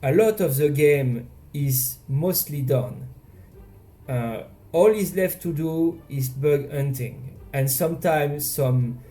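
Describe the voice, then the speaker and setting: A man with a French accent casually narrating his indie game devlog, self-deprecating and halting with frequent restarts. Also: medium pitch, mellow. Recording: faint game music behind.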